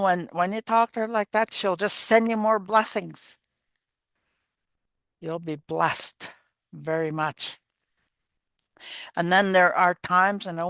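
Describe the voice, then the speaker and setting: Gentle older woman telling stories. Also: fairly low pitch, smooth, dry recording. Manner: gentle, unhurried, repeats phrases. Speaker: elder and storyteller. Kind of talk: spoken teaching and storytelling.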